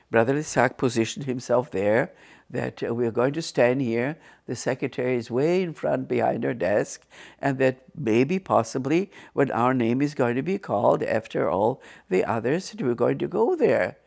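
A woman's voice: extremely low pitch, moderate pace, gravelly. An older woman from Ukraine, telling her life story in an interview and acting out the people in it. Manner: animated, acts out the voices of people in her stories. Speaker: interview guest. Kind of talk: personal testimony storytelling.

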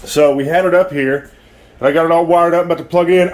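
A man's voice: a little high, steady tone, fast talker, a little mellow, poor audio. A man filming a casual vlog at home, rambling and swearing as he talks to the viewer. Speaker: vlogger. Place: at home, indoors.

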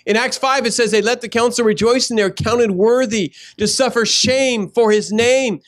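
Animated high-voiced male pastor preaching. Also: normal speed, few pauses. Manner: animated preaching, acts out little scenes. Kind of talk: sermon. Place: church sanctuary.

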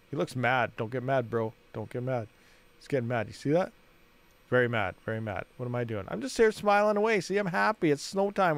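A man hosting a gaming channel, rambling and thinking aloud as he plays and talks to his viewers. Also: medium pitch. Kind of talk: casual gameplay commentary.

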